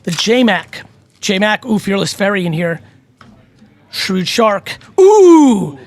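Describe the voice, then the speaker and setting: A middle-aged man, hosting a casual advice talk in a blunt, animated, profane way. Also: high-pitched, unhurried, slight background noise. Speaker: host.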